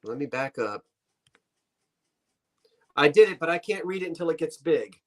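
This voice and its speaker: A man's voice: on the high side, lively intonation, normal speed. A man co-hosting a casual live-stream chat, teasing playfully and telling stories. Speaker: co-host.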